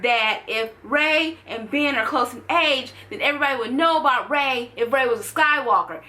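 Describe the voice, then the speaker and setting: A young woman talking casually and playfully to camera in a fan-theory vlog, full of animated asides. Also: high-pitched. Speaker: vlogger.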